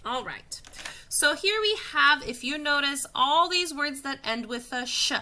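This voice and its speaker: A woman with a very bright, tense, high-leaning voice leads a phonics lesson for little kids. She talks slowly and patiently, drawing out each sound and praising often. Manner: slow, patient and encouraging, stretching out sounds. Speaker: teacher. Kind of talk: phonics lesson for young children.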